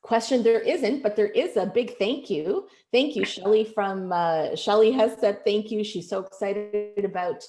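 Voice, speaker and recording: Moderating a webinar by video call, this woman sounds upbeat as she thanks attendees and delivers announcements. Her mid-range voice is mellow and unhurried, with hardly any pauses, and the recording carries room echo.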